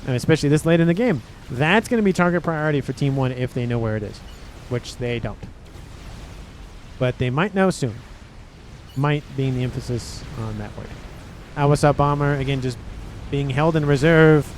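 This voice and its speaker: A man casting a real-time strategy match, excitable and talking straight to the players. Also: mid-range voice, normal speed, pauses often, a little hiss or hum. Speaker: game caster. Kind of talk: strategy game commentary.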